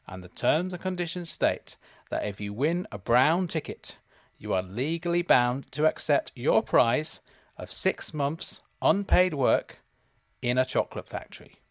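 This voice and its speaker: Deadpan guy riffing on a podcast, mid-pitched voice, dry sound. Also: no room sound. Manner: deadpan, building absurd schemes. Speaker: podcast host. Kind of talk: comic monologue.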